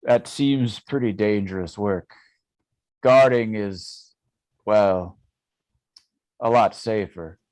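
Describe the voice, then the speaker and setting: A man voicing a weary male guard who wants a safe life, speaking slow and hesitant. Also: lowish voice, darkish tone, no echo. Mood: subdued.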